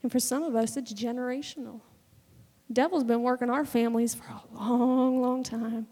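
A woman's voice: a little high, steady tone, normal speed, dark tone. A woman in her twenties preaching a sermon in a fervent, conversational way, acting out little bits of dialogue. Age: 20s. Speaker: speaker giving a testimony sermon. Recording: long hall reverb.

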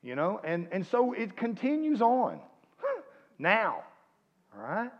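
A man preaching a sermon, swinging between loud exhortation and quiet asides. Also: high voice, huge pitch swings, slow pace. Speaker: pastor. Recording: muffled, reverberant church hall.

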